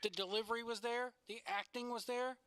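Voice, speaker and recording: Blunt, cursing man with a bright voice. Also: extremely high pitch, steady tone, a little fast, clean tone, dry recording. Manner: blunt, profane, opinionated rants. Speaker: podcast co-host. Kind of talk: casual wrestling chat.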